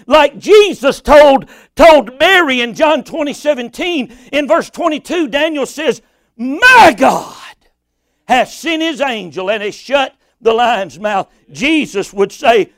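A man preaching a sermon, building from steady reading to impassioned shouts and cries. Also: very high-pitched, no echo.

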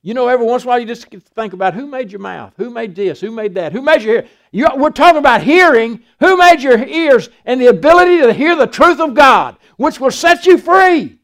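A man's voice: extremely high pitch, animated, brisk, few pauses, fairly bright tone. An older man, a pastor preaching a folksy sermon and acting out Bible dialogue.

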